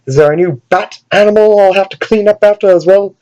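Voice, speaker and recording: Brief: a man doing a fussy older English butler, fake British accent, prim and scolding, pitched a bit high. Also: a little fast, warm tone, highs cut off, natural voice. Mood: exasperated scolding. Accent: put-on British.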